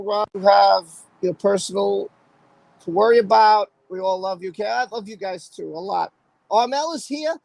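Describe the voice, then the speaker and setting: A man's voice: high voice, gravelly, a little mellow, no echo, rough recording. Male streamer, chatty roll-call host, dry close sound. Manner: chatty, greets viewers one by one. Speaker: livestream host. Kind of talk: casual livestream chat.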